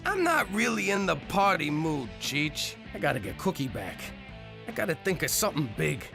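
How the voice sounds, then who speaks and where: An actor playing a brash, blundering male mobster in an animated sitcom, with a gravelly edge and quick wisecracking talk. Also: on the high side, over music.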